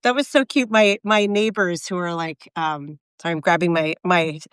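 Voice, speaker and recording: A woman's voice: lowish voice, fairly even intonation, moderate pace, fairly bright tone, clean tone, no room sound, clean studio sound. A woman in her forties in casual, reflective chat, rambling with many fillers and restarts. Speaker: co-host of a live video chat.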